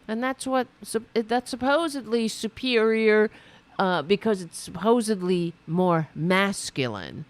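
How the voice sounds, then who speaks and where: A woman with a medium-pitched voice, speaking a little slowly, hosts a political commentary livestream. She reacts to clips with indignation, sarcasm, and profanity.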